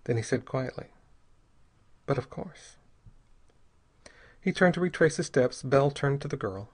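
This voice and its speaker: A man narrating an audiobook chapter in a steady, even reading voice. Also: mid-range voice, a little fast, breathy edge. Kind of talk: scripted narration.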